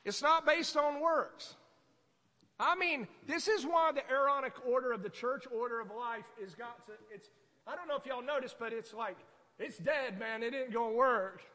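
A man preaching a sermon as pastor, conversational and animated, acting out voices in his stories. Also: very high-pitched, normal speed, in a large hall.

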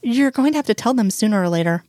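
A woman reading the lines of a steady, wry man comforting his partner, barely changing her voice. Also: on the high side, fast, dry recording, clean studio sound, lightly acted. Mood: weary.

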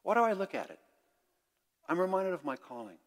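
An older man preaching a sermon as pastor, candid and conversational, swinging between loud and hushed. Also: sits high, very animated, a little fast. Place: church sanctuary. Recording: long church reverb.

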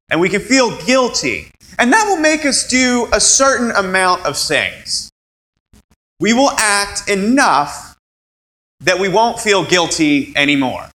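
A male pastor preaches with a lively, swooping delivery, slipping into quoted voices as he goes. His voice sits a little high and sounds bright and forceful. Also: takes it slowly, low-quality recording. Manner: animated, acts out quoted voices. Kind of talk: sermon.

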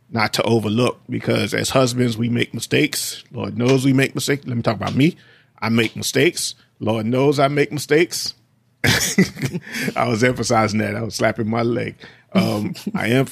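A man speaks earnestly on a faith-based podcast, working scripture into his talk in a preacherly way. His voice has a gravelly, fry-laden edge at a middling pitch. The sound is close and dry. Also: steady tone, brisk, dry recording. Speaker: podcast co-host.

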